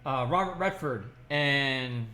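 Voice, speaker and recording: A man's voice: mid-range voice, lively intonation, slow, sharp tone. A man giving an enthusiastic, rambling movie review, talking casually with frequent restarts and fillers.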